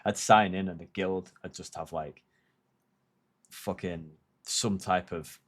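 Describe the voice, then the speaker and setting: A man's voice: deep voice, fairly even intonation, slow pace. A man in his thirties chatting casually on a livestream, rambling and reflective with plenty of swearing.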